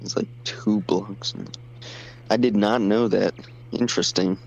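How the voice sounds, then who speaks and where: Low slow guy rambling on stream while he plays, keeps getting sidetracked. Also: fairly even intonation, gravelly, a little mellow, a little hiss or hum, rough recording. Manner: slow, distracted, self-deprecating chatter. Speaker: stream co-host. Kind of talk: casual chat while playing a game.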